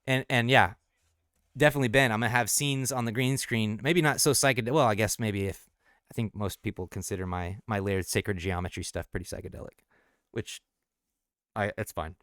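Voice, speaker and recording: A man with a fairly low voice talks loosely on a late-night stream, thinking aloud as he unpacks his own song lyrics. He stumbles, restarts and breaks into easy laughs. The sound is dry and close, with no room echo. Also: a little fast, a bit bright, clean tone. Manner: rambling and thinking aloud, with many restarts and self-corrections; laughs easily between explanations. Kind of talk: casual late-night livestream talk.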